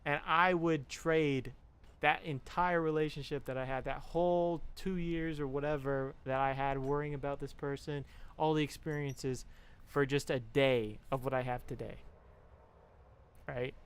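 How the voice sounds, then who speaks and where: A young man with a mid-range, steady, clean-toned voice talks unhurriedly to his stream viewers in a casual chat. He gives frank, profane relationship advice in a pep-talk style, swearing and mimicking the people he quotes.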